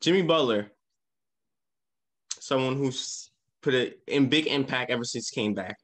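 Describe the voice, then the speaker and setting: A man co-hosting a casual sports podcast, walking through game recaps with lively emphasis. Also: mid-range voice, unhurried. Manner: animated, leads the game recaps. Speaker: podcast co-host.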